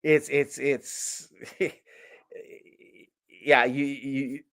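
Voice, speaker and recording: A man ranting through a casual movie review, heavy on sarcasm and exaggeration. His voice sits at an ordinary middle pitch, and he keeps stumbling and restarting as he goes. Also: level tone, drawn-out words, fairly bright tone.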